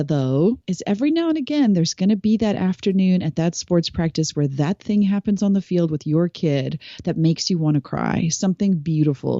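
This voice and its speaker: A woman in her forties, originally from South Africa, speaks as a podcast guest with a warm, mellow voice. She tells her stories in an animated, expressive way, often laughing as she goes. The sound is dry and a little muffled, like a lo-fi recording. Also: on the low side, dry recording. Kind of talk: conversational storytelling.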